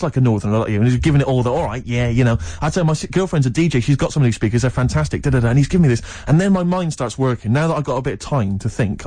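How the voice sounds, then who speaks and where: A young man telling a lively story in casual chat, laughing often and acting out the voices of the people in it. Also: mid-range voice, no room sound. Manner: animated, laughing often, acts out quoted voices. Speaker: storyteller guest.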